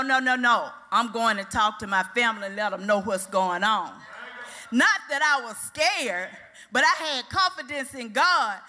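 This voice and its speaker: Older woman, fervent preacher, high bright voice, hall echo, music under. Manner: fervent, rising to shouted praise. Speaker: church speaker. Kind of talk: sermon. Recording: echoey hall with music behind.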